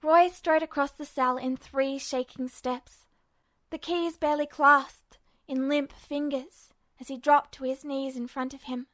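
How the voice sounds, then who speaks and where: High-voiced woman reading fanfiction. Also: steady tone, unhurried, a bit bright, no room sound. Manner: tense, emotional storytelling. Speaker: podfic reader. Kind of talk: scripted narration of fanfiction.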